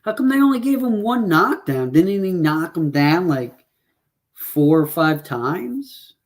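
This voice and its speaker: A man's voice: on the high side, sing-song, slow. A man co-hosting a casual fight predictions show, rambling through stats and checking numbers aloud with plenty of fillers. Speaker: podcast co-host.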